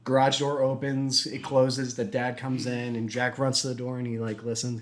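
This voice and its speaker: A young man casually telling a long, rambling joke as a YouTube host, slipping into quick character voices. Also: medium pitch, little pitch movement, a crowd in the background. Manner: rambling, giggly, acts out characters in quick snippets. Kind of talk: casual storytelling.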